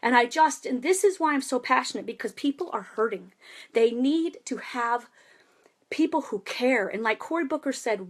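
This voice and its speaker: A woman's voice: fairly high pitch, lively intonation, normal speed. A woman giving a passionate, rambling political monologue in a vlog. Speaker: vlogger and protester.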